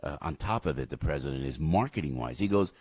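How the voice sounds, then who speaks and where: Man, radio host, effusive, lively pitch, dry close studio sound. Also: fast talker, slightly rough, no room sound. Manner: effusive, animated interviewer. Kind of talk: radio interview.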